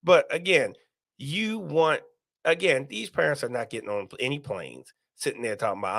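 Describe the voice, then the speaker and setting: Male live-stream host, bright gravelly voice, animated delivery, dry close sound. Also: mid-range voice, moderate pace, no echo. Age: adult, parent. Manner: animated, repeats himself, reads viewer comments aloud. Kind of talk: casual live-stream commentary.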